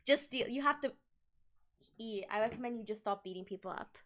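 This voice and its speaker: On a livestream, a woman from Colombia talks casually with her viewers, her hands moving animatedly near a desk mic. Her voice sits on the high side, fairly bright and slightly quick, and she laughs often between sentences.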